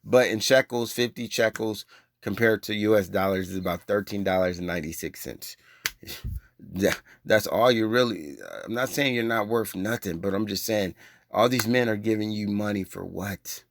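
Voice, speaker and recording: A man preaching a heated, profane rant, scolding his listeners in a confrontational way. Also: moderate pace. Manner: gets louder and higher when agitated. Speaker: online religious preacher.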